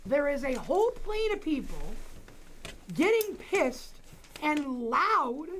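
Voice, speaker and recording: A woman hosting a casual livestream, animated and exclaiming often, swearing freely as she talks to her viewers. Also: sits high, a little hiss or hum, rough recording. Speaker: livestream host.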